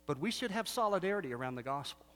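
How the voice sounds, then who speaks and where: A pastor preaches a sermon in a church sanctuary, speaking conversationally and posing rhetorical questions. His fairly high, slightly bright voice is animated and racing. Long hall reverb fills the recording.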